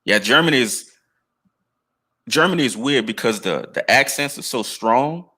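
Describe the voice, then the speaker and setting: A man's voice: medium pitch, expressive, normal speed, bright, forceful tone. An American man chatting casually on a podcast, telling stories in a laid-back, slangy way. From United States. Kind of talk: casual chat.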